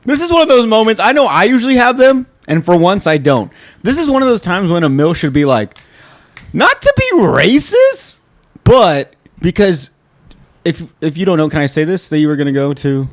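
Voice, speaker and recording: A man hosts a loose, joking podcast and keeps ribbing his co-host. His voice is a bit high and swings up and down a lot. The sound is dry and close, with no room to it. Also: fast talker, dry recording. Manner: animated, teasing, laughs often. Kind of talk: casual comedic chat.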